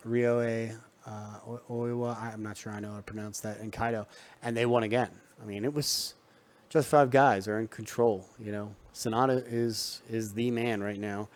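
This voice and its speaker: A man's voice: on the low side, darkish tone. A man giving a casual, loose recap of wrestling matches, full of ums and restarts, recorded at home. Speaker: wrestling show reviewer.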